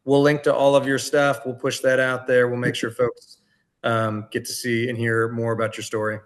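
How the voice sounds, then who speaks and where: A man's voice: mid-range voice, monotone, moderate pace. A man hosting an interview podcast, thoughtful and encouraging, often hedging and restarting his sentences. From Washington state. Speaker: podcast host. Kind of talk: conversational interview.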